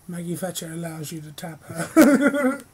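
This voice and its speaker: A man's voice: fairly high pitch, lively intonation, unhurried. A man, co-hosting a podcast with crude, blunt jokes and frequent laughter. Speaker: podcast co-host. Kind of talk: casual banter.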